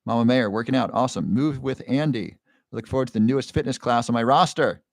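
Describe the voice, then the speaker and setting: A man hosting a live stream, reading viewer comments and coaching them with quick, earnest questions. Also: medium pitch, vocal fry, no echo, clean studio sound. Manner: encouraging, coaching with rapid questions; earnest, emotional at times. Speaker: livestream host.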